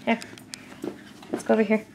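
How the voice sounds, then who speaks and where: A woman's voice: normal speed, a little mellow, slight background noise. A woman filming her baby at home, talking to her in playful sing-song baby talk. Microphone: handheld home camera.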